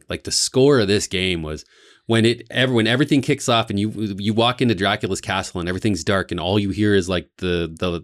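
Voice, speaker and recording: A man co-hosting a casual podcast chat, telling excited stories about games he loved. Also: deep voice, no echo, clean studio sound. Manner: excitable, gushing storyteller. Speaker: podcast co-host.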